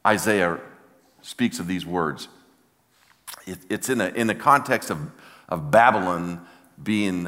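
An older male pastor preaches in a church, his low voice carrying a forceful edge. He tells his story from the heart, often stopping and starting over mid-sentence, and the long hall reverb hangs behind every phrase. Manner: heartfelt storytelling with halting restarts. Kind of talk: sermon.

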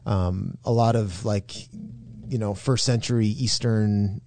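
A man's voice: on the low side, steady tone, slow, mellow, dry recording. A middle-aged man, a pastor hosting a podcast, talking casually and animatedly, laughing and restarting his phrases. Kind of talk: casual chat.

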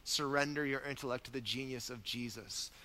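Emphatic pastor preaching in a hall. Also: male voice, medium pitch, steady tone, fairly quick, bright, forceful tone. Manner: emphatic, repetitive preaching cadence. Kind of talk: sermon. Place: church sanctuary. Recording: long reverb of a large hall.

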